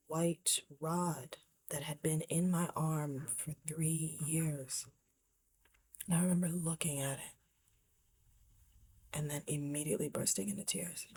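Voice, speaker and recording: A woman's voice: sits low, husky. A woman vlogger telling a personal story to camera in a candid, reflective way, often dropping to a near whisper.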